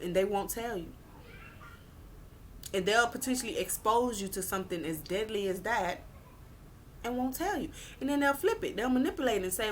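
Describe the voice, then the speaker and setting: A woman's voice: mid-range voice, normal speed, pauses often, slight background noise. A woman vlogger giving blunt relationship advice in a casual rant, swearing and repeating her points for emphasis. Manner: animated, acts out quoted people.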